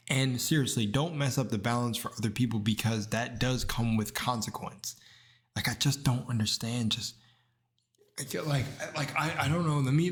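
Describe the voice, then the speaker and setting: Young man in a rambling, swearing rant. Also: mid-range voice. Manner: rambling, slangy, says bro a lot; heated, swears freely. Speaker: video commentator. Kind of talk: casual reaction commentary.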